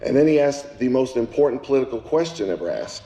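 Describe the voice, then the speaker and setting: A man giving a live speech at a public celebration, folksy, with jokes for the crowd, and slow and emphatic on his key lines. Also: medium pitch, animated, warm tone. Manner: folksy, joking asides with the crowd. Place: event hall. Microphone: handheld mic at a podium. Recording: echoey room.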